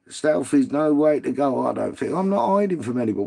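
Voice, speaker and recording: A man's voice: on the high side, animated, brisk, vocal fry, hardly any pauses, a little mellow. A British man hosting a live stream, chatting casually with viewers and reading out their comments in a blunt, sweary, ranting way.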